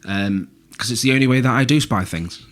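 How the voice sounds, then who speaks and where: A man's voice: mid-range voice, fairly quick. A man in his thirties co-hosting a podcast, telling casual stories dryly, swearing and laughing at his own tales. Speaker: podcast co-host. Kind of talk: casual banter and storytelling.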